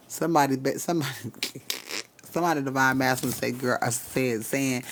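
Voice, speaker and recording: A man live-streaming loose spiritual readings, swearing freely and breaking into laughter as he talks. His voice has a gravelly, fried edge at a middling pitch, and he speaks straight to the viewers in the chat. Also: steady tone, normal speed.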